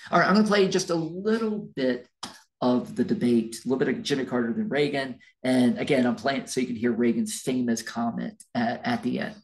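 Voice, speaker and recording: A male history lecturer talks through a recorded class in a loose, conversational way. He rambles a bit, restarts his sentences and drops in fillers. His voice carries a gravelly edge at a middle pitch. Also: fairly quick, rough recording.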